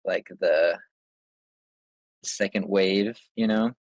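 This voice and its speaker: A man playing a tabletop game, chatting and planning his team out loud. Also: deep voice, fairly even intonation, very slow, no room sound, muffled recording. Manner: laid-back, planning out loud. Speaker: player. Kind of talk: casual tabletop chat.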